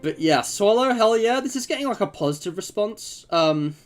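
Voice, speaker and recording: Chatty young male streamer, fairly high voice. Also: expressive, moderate pace, faint music behind. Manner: rambling and joking, many fillers. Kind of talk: casual chat.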